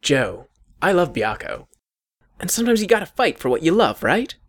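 A man voicing a brash, reckless young male gang member who shouts and refuses to back down. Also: high-pitched, sing-song, normal speed, no room sound, studio quality, voice pushed up. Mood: grinning. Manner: hot-headed, shouting.

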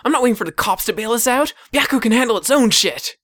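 A man voicing a brash, reckless young male gang member who shouts and refuses to back down. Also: extremely high pitch, lively intonation, fast, dry recording, clean studio sound, voice pushed up. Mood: defiant. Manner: hot-headed, shouting.

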